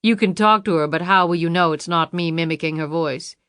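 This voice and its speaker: A woman reading an audiobook, voicing a male kidnapper villain who talks slowly and pleasantly with mocking menace. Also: lowish voice, a bit bright, clean tone, no echo, studio quality, natural voice. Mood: taunting. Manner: pleasant, slow, taunting menace.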